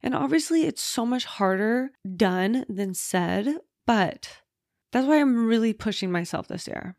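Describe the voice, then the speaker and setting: A woman's voice: fairly high pitch, expressive, measured pace, a little mellow, dry recording, clean studio sound. Chatty woman hosting a cozy podcast. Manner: chatty and candid, swears casually. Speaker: podcast host. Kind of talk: casual solo podcast chat. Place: in bed at home.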